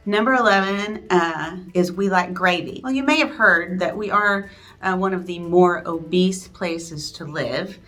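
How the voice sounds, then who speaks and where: Chatty woman, friendly and low. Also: unhurried, a bit bright. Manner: friendly, chatty, self-deprecating asides. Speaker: real estate agent. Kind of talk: casual advice vlog. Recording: faint background music.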